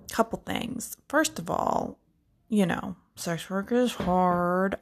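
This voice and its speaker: Young woman podcasting from her kitchen, low-ish gravelly voice, rambly and candid, laughs a lot. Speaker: podcast host. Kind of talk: casual solo podcast chat. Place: home kitchen.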